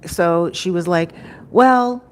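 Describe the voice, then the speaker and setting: Woman telling a storytime vlog into a mic, chatty, fairly low voice. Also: normal speed. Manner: chatty, acts out what people said. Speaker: storytime vlogger. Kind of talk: casual storytelling to camera. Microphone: microphone.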